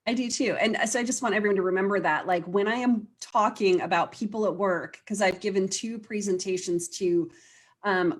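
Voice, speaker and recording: A woman life coach, speaking earnestly in a casual interview and often quoting her clients. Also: medium pitch. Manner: earnest, explains with quoted client voices.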